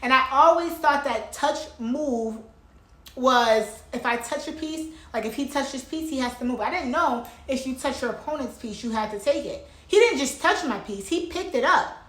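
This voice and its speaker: A woman talking casually through one of her own chess games, excited and repeating herself for emphasis. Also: high-pitched, normal speed. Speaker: chess player. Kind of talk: casual chess vlog commentary.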